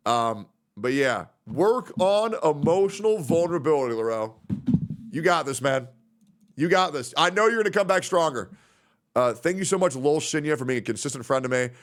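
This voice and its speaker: Male streamer, higher-pitched voice, loose and sweary, emotional as he reads friends' notes. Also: a bit bright. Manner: profane, rambling and openly emotional. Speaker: livestreamer. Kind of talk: casual stream chat.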